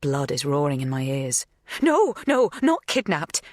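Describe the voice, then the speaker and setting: A woman voicing a tearful, pleading middle-aged woman in an audiobook, breathy and rushing her words. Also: low-pitched, very animated, no room sound, studio quality.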